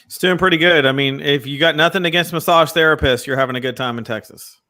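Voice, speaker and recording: A Texas man co-hosts a casual sports chat, joking and sarcastic, frequently talking over his partner. His voice is fairly high, fast, pushed and bright.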